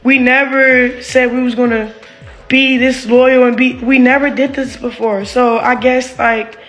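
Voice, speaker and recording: A woman's voice: sits high, fairly even intonation, a little slow, a bit bright, faint music behind. A woman venting about her relationship in a candid, rambling monologue, heated and full of swearing and "like". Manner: rambling, heated, profane, heavy use of "like".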